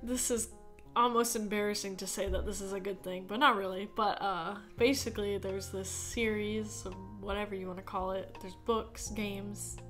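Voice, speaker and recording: A woman's voice: mid-range voice, fairly even intonation, normal speed, a bit bright, faint music behind. A young American woman co-hosting a podcast, talking casually and hesitantly, with lots of fillers and giggles. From United States. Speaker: podcast co-host. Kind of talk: casual chat.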